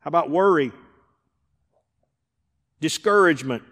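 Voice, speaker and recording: A man preaching as a pastor, who acts out the people he quotes and swings between loud and hushed delivery. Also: fairly high pitch, lively intonation, unhurried, long reverb tail. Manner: preacher acting out quoted voices, rising and dropping in volume. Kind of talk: sermon. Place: church sanctuary.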